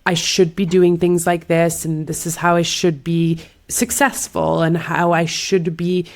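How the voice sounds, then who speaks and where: A woman hosts a podcast in relaxed conversation, answering her guest with eager, supportive agreement before sharing her own story. Her voice sits a little lower than most women's. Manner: warm, affirming listener with quick reactions. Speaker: podcast host. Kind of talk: casual chat.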